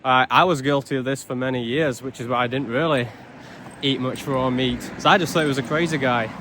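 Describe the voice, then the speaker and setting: A man's voice: mid-range voice, steady tone, fairly quick, a bit bright, a little hiss or hum. Blunt, swearing man ranting. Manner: blunt, heavy swearing, sarcastic. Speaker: vlogger. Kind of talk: casual ranting vlog.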